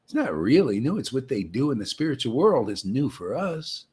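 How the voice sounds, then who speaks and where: A man's voice: medium pitch, big pitch swings, moderate pace, darkish tone, husky. A man preaching to a devotee meetup, taunting and confrontational, often ending phrases with "man" and "see?". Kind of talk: impassioned street-style preaching.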